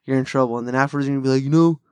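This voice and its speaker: A man's voice: mid-range voice, level tone, rapid-fire, smooth, no echo. A man, hosting a podcast in casual chat and telling rambling, profane stories with a laugh. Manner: profane, rambling bro-style storytelling with frequent laughs. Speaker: podcast host.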